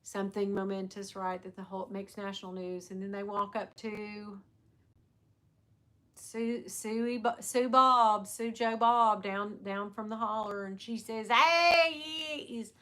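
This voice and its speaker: A middle-aged woman hosting a livestream, chatting casually and telling lively stories, laughing often and mimicking the people she talks about. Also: medium pitch, a little slow. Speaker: livestream host. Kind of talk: casual chat to viewers.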